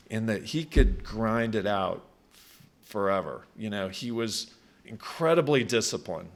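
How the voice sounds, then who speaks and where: A man in his sixties with a fairly low voice gives a relaxed, conversational acceptance speech. He tells personal stories, restarting phrases and trailing off as he goes. He is speaking at a country club event. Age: 60s. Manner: conversational, with frequent restarts and fillers. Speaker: hall of fame inductee.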